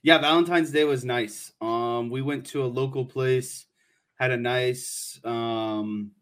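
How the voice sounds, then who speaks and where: A man's voice: medium pitch, slow. Laid-back guy co-hosting a sports podcast, rambles a bit, lots of ums. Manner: relaxed, rambling, with many fillers. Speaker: podcast co-host. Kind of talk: casual sports talk show.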